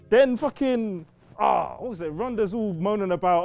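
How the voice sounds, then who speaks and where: A man's voice: high voice, normal speed, creaky, few pauses, no echo, faint music behind. A young man, bluntly ranting in a casual wrestling chat. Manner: blunt, repetitive, animated ranting.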